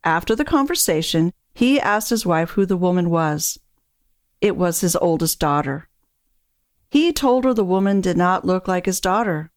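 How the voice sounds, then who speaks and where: Calm, measured woman narrating, dry sound. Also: fairly low pitch, dry recording. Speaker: dementia care coach. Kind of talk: scripted narration.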